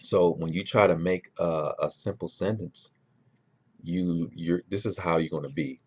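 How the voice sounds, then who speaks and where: Very deep-voiced man giving casual advice. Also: unhurried, husky. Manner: relaxed, rambling, many ums and restarts. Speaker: language learning vlogger.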